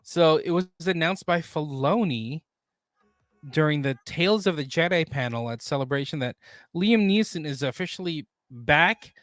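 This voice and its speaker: A man co-hosting a casual pop culture news podcast, reading out news items and then riffing on them in a relaxed way. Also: a little high, dry recording, studio quality. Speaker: podcast co-host.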